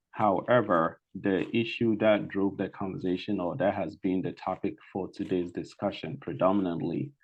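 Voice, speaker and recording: A man with a Ghanaian accent gives a presentation over a video call. His voice sits very low. He talks with frequent fillers and restarts, and the call audio sounds muffled and dull. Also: a little mellow. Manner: hesitant, many fillers and restarts. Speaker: guest speaker. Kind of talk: online presentation.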